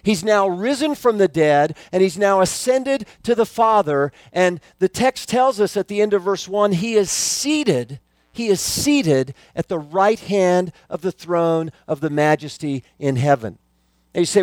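A man delivers a sermon in an earnest, emphatic manner, repeating his key phrases to drive them home. His voice sits fairly high for a man. The sound is dry and close, with little room echo. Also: animated, measured pace. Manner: earnest, emphatic preaching with repetition. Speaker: pastor.

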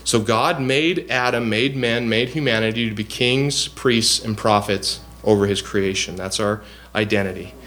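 A man's voice: on the low side, normal speed, fairly bright tone, a little hiss or hum. Earnest man teaching a bible passage. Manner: earnest, explanatory, with frequent fillers and restarts. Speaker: preacher.

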